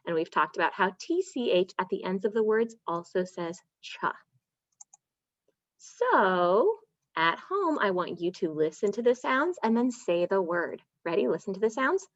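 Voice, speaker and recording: A woman teaching an online first-grade phonics lesson, stretching out letter sounds slowly and praising in a sing-song way. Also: mid-range voice, very animated, no room sound. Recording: dull, dry lo-fi sound.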